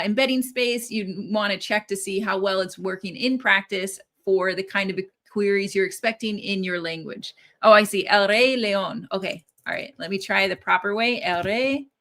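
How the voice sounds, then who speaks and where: Bright-voiced woman teaching a live coding demo. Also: medium pitch. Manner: chatty, upbeat, often tags "right?". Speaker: developer advocate teaching a live stream.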